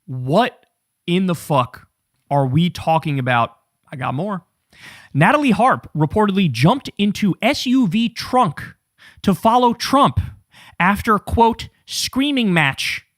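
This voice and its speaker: A man's voice: high-pitched, very animated, slow pace, no room sound, studio quality. A man hosting an online political commentary show, blunt and sarcastic.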